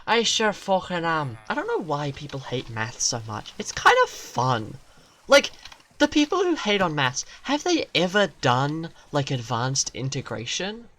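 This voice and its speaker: Lively, sweary game streamer ranting. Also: medium pitch, measured pace. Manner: profane, ranting, self-mocking. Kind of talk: casual gaming-stream rant.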